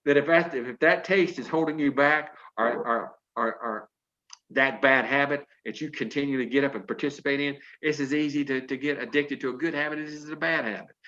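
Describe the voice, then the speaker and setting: A man's voice: mid-range voice, fairly even intonation, a little fast, bright, forceful tone, lo-fi sound. A man in his sixties giving an emphatic, preachy motivational pep talk to a sales team over a video call, with folksy storytelling.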